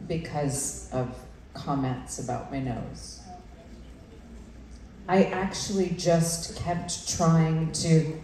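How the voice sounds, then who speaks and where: Slow, hesitant woman in a big hall. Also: deep voice, warm tone, a little hiss or hum. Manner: hesitant, measured, with many fillers. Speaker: actress on a convention panel. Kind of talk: candid panel talk. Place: large convention room. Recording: echoey hall from far off.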